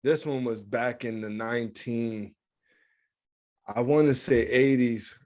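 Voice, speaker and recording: Slow and medium-pitched, this American man co-hosts a podcast, keeping the talk casual. He acts out movie scenes with plenty of animation and frequent laughter.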